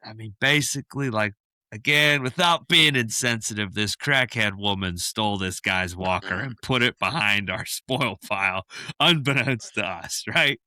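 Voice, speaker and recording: A man's voice: on the low side, normal speed, pushed and bright, no room sound. A man co-hosting a podcast, telling a story in casual chat and laughing often mid-sentence. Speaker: podcast co-host.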